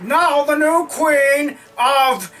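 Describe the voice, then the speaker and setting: A man voicing a loud, excited male pageant announcer who shouts his lines. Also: very high voice, extremely slow, distant mic, pitched above the performer's own voice, full character voice. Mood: hyped. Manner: hyped and shouting.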